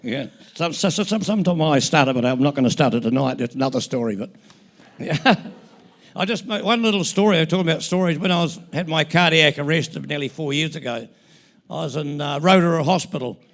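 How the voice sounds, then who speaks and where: A man's voice: on the high side, animated, fairly quick, a bit bright. An older man in his seventies with a New Zealand accent, giving a rambling, joking acceptance speech full of anecdotes at an awards ceremony. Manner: rambling, joking, self-interrupting. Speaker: award recipient.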